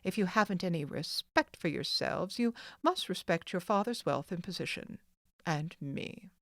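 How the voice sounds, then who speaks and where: A woman's voice: fairly low pitch, animated, normal speed, no echo, clean studio sound. Woman reading as a cold, haughty rich mother. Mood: stern. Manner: cold, sharp, scornful. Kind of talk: audiobook character voice.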